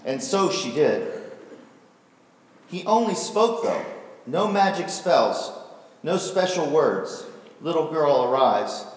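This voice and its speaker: A man's voice: a little high, very animated, takes it slowly, long pauses. A male pastor preaching a sermon, retelling a story vividly and asking rhetorical questions. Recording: echoey hall, voice from far off.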